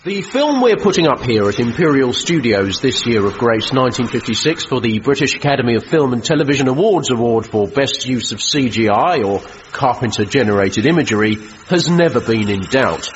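A man's voice: mid-range voice, expressive, a little fast, hardly any pauses, highs cut off, a little hiss or hum, lightly acted. A man playing a boastful 1950s film studio presenter in a mock newsreel.

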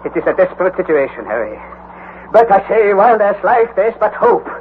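An actor playing an older, learned professor uncle who leads the expedition with commanding, declamatory speech, in an old radio drama with a tinny sound. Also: male voice, high voice, big pitch swings, brisk. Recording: tinny lo-fi old radio recording with faint hiss.

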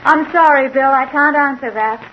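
Woman as mysterious young woman, soft, guarded, high voice, 1940s radio, muffled recording. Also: normal speed, slight background noise, close to an everyday voice. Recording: dull old radio broadcast.

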